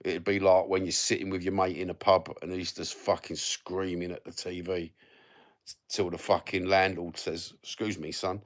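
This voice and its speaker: Fifties geezer, very deep voice, laid-back sweary banter with viewers. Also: male voice, level tone, moderate pace. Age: 50s. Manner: sweary, blokey banter with lots of fillers. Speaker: livestreamer reading viewer comments. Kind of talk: casual rambling chat.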